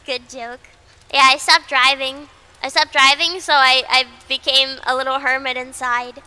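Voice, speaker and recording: A woman's voice: sits high, level tone, a little slow, pushed and bright, clear, resonant tone. A woman VTuber in casual livestream chat who rambles, repeats herself, swears freely and mocks herself bluntly. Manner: blunt and self-mocking. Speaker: VTuber streamer.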